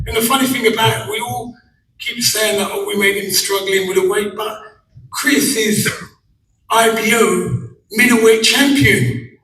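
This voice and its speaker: A man's voice: high-pitched, steady tone, measured pace, noisy background. A man, father of a fighter, telling jokey stories at a press conference and acting out what others said. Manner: jokey, storytelling, acts out quotes. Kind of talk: animated press conference talk. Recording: echoey room from far off with faint ambience.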